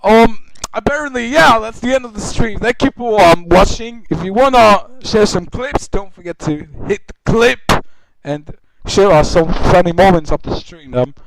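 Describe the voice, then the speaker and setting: A man commentating a reaction livestream, excitable, yelling reactions and tripping over his words. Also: high voice, normal speed, gravelly, a little hiss or hum, low-quality recording. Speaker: streamer. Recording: loud music under the voice. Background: music from the clips he plays.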